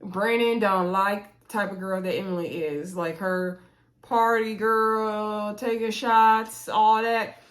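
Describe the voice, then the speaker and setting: A woman hosting a casual reality show recap, chatty and animated, acting out quotes with playful voices. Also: medium pitch, slow pace.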